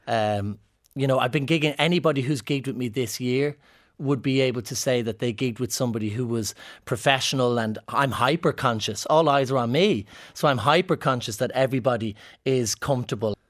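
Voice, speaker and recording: A man's voice: mid-range voice, fairly quick. A man with an Irish accent chatting in an interview, telling playful, joking anecdotes as a comedian guest. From Ireland. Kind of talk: casual interview chat.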